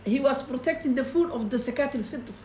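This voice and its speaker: Lady teaching a hadith class, high pitched, broken english, echoey room. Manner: recites Arabic fast, then retells it in simple, broken English; animated, switching between Arabic and English. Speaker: Quran teacher. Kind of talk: telling a hadith to a small class. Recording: echoey room with faint noise.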